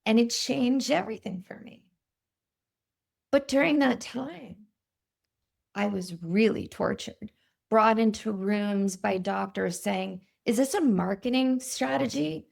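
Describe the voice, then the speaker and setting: A woman in her fifties, a cardiologist guest, telling stories in an interview in a vivid, animated way. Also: mid-range voice, slow, vocal fry, pauses often. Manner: animated, vivid storytelling with quoted voices. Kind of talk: storytelling in a podcast interview.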